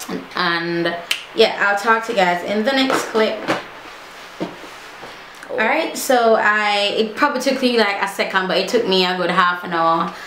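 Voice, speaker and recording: A woman's voice: medium pitch, fairly bright tone, roomy sound, slight background noise. A young woman with a Jamaican accent, chatting casually through a makeup tutorial and slipping playfully into patois. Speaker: makeup vlogger.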